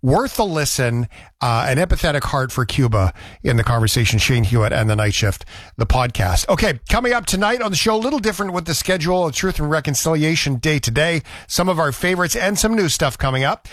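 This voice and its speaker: A man's voice: a little high, expressive, brisk, a bit bright, dry recording. A man from Canada hosting a radio show, chatting in a rambling, conversational way. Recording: dry studio sound.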